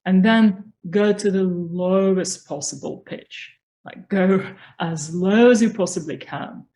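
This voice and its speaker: A woman giving a calm, explanatory talk as a spiritual growth coach, teaching listeners how to find their voice. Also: medium pitch, slow pace, poor audio. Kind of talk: instructional talk on voice.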